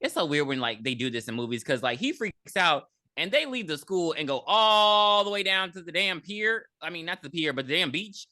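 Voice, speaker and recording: Expressive, profane podcast co-host. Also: medium pitch, normal speed, few pauses, no echo. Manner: expressive, profane, jumps into character voices. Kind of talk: casual movie recap chat.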